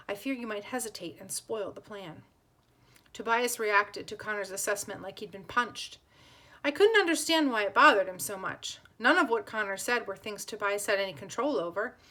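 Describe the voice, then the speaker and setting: A woman's voice: a little high, sharp tone. A woman reading a novel aloud, giving plain voices to the characters and now and then restarting a word. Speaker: audiobook reader.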